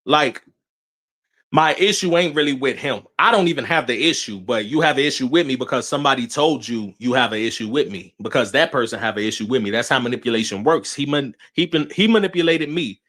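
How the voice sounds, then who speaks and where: Animated man ranting on a livestream. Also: medium pitch, brisk, no echo, studio quality. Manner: animated, laughing, swearing, repeats himself. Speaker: livestream host. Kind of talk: casual livestream rant.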